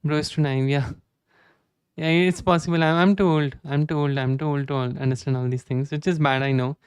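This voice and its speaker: A man's voice: on the high side, fairly even intonation, fairly quick, clean tone, dry recording, clean studio sound. A man in his twenties chatting casually with viewers during a live coding stream, self-deprecating and often restarting his sentences. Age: 20s.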